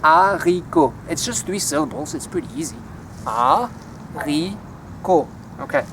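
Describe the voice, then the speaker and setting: A man walking through a home vegetable garden outdoors, naming plants and teaching their French words in a relaxed, chatty way. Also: high voice, fast talker, vocal fry, a little hiss or hum. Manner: relaxed, chatty, easily enthused. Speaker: language teacher giving a garden tour.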